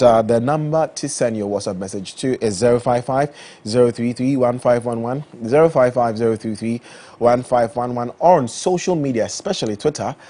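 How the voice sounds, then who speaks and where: A man presenting a studio talk show at a medium pitch. He opens the segment with upbeat energy and reads out the contact details briskly, in the steady manner of a regular host.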